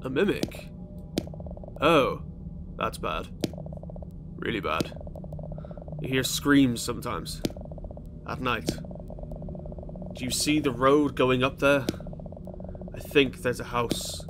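A man voicing a homeless man who begs for change, speaking slowly and hesitantly. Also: medium pitch, noisy background, close to an everyday voice. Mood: uneasy.

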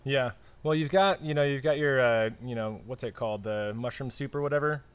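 A man's voice: medium pitch, a little fast, smooth. A man co-hosting a casual live-stream chat, musing aloud and often trailing off and restarting. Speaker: podcast co-host.

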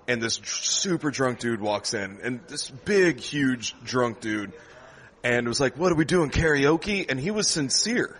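A man, a stand-up comedian, telling a lively after-show story in a comedy club, laughing often and acting out the people in it. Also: mid-range voice. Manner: animated storyteller, laughs often, acts out voices.

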